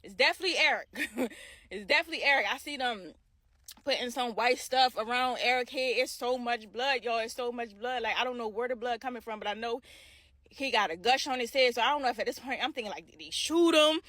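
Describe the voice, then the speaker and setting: A woman's voice: fairly high pitch, brisk, dry recording. Dramatic storytelling woman, dry close sound. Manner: dramatic retelling with shouted quotes, addresses viewers directly. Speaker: vlogger telling a story. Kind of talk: casual storytime vlog.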